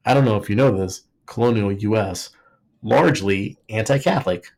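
This co-host's voice sits on the low side, gravelly yet a little mellow, at a moderate pace. In casual podcast chat he jokes his way through a history topic, rambling, saying "like" constantly, and restarting often.

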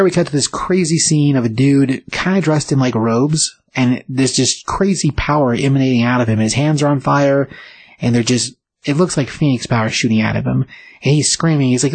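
Husky-voiced man recapping a comic. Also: medium pitch, dry recording, low-quality recording. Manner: rambling, filler-heavy, enthusiastic. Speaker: comic book reviewer. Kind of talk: casual comic book recap.

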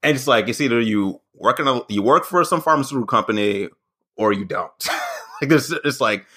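Comedian guy on a podcast, bright voice, swings up and down a lot, rambling and restarting. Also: medium pitch, a little fast, breathy edge. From American South. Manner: animated storytelling, frequent fillers and restarts. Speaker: podcast guest, stand-up comic. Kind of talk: casual chat.

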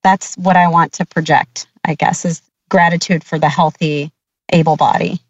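A woman's voice: low voice, fairly even intonation, normal speed, no echo, lo-fi sound. A woman calling in for advice, speaking earnestly and searching for her words. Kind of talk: conversation seeking advice.

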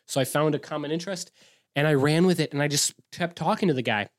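A young man from Wisconsin with a fairly high voice tells a story as a host in a loose, profane monologue. He gets excitable, trips over his words and circles back to restart his sentences. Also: fast. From Wisconsin, US Midwest.

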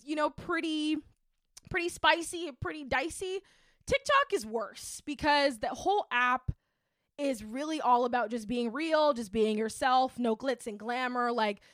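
A woman's voice: a little high, dry recording. Chatty woman host, dry close sound. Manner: chatty and animated, many fillers. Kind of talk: casual monologue.

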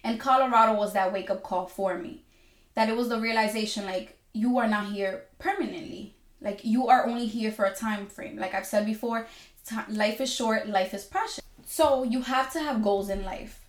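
A young adult woman telling a personal story in an animated way, acting out her own inner dialogue and often laughing. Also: on the high side, moderate pace. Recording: echoey room.

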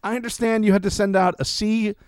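A man's voice: high voice, steady tone, a little fast, smooth, dry recording, clean studio sound. A young man co-hosting a casual reality-TV podcast, chatting with mock-dramatic asides. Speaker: podcast co-host.

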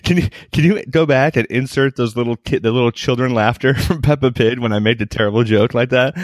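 A man's voice: mid-range voice, brisk, hardly any pauses, no echo, clean studio sound. A man co-hosting a podcast in casual banter, rambling with restarts and laughing often. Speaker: podcast co-host. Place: home.

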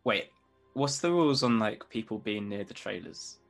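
A man's voice: fairly low pitch, normal speed, gravelly, soft background music. A man taking part as a player in a tabletop game, speaking in a chatty, casual way. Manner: lively, chatty, laughs often.

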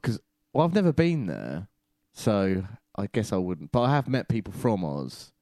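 A man's voice: fairly low pitch, very animated, normal speed, warm tone, no room sound, clean studio sound. A man in casual podcast chat, playful and rambling, swearing casually.

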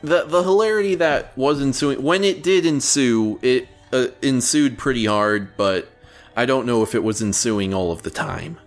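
A man's voice: mid-range voice, normal speed, soft background music. A man co-hosting a podcast in casual banter, crude and rambling, with many fillers and restarts. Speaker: podcast co-host.

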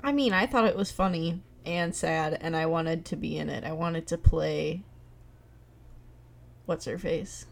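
A woman's voice: sits low, unhurried, creaky. A young woman co-hosting a film podcast, chatting in a playful, teasing, slangy way. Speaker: podcast co-host. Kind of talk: casual chat.

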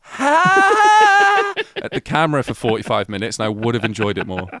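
Podcast co-host, man, animated delivery, sweary and joking, casual banter. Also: on the low side, dry recording, studio quality. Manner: swearing, ranting, quick jokes. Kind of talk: casual comedic chat.

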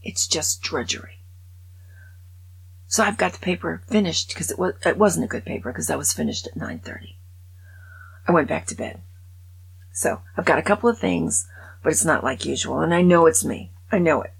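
An older woman hosting a talk show, giving wry, indignant opinions and dropping into breathy whispered asides. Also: low voice, sing-song, moderate pace, pauses often, rough recording. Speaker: podcast host. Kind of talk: opinionated casual monologue.

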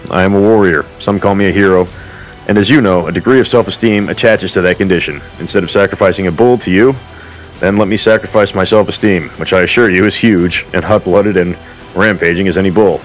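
A man's voice: low voice, brisk, faint music behind, close to an everyday voice. A man voicing a boastful male warrior prince who mixes grand formal speech with crude swearing. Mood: solemn.

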